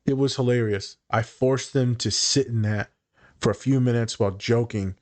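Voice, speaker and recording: A man's voice: mid-range voice, normal speed. A man, a therapist, chatting casually on a podcast, telling client stories with lots of swearing and acted-out quotes. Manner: profane, animated storytelling with acted-out quotes.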